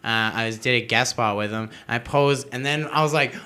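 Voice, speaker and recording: Young guy on a podcast, bright forceful voice, rambling and laughing at himself. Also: mid-range voice, moderate pace, smooth. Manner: rambling, self-mocking, laughs through his stories. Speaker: podcast guest, comedian. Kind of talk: casual storytelling chat.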